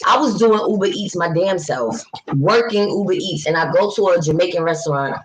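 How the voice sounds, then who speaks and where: A woman's voice: fairly low pitch, a little hiss or hum, low-quality recording. A woman, a mother, chatting casually on a livestream and reading out viewer comments. Blunt, outspoken and often profane. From New York City. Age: adult mother of young children. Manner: fast, animated rants. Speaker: vlogger.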